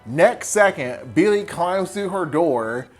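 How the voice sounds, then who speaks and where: A tipsy man retelling a horror film as a comedy recap, animated and profane, jumping into quick impressions of the characters. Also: on the high side. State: tipsy from wine. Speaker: host.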